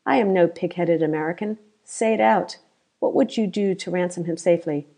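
A woman voicing a half-drunk male bandit chief who is boastful and crafty, talking loud and demanding. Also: lowish voice, a little fast, creaky. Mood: scornful.

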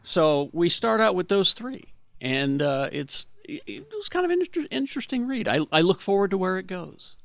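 Bright, gravelly man rambling in chat. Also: high voice, very animated, normal speed, no room sound. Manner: rambling, searches for words. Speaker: podcast co-host. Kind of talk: casual chat.

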